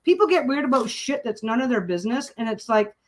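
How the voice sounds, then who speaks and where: A woman's voice: a little high, expressive, fast, low-quality recording. A woman hosting a casual livestream while she sews, talking bluntly and swearing freely as she rants. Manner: blunt, profane, ranting. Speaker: livestream host. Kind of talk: casual chat while sewing.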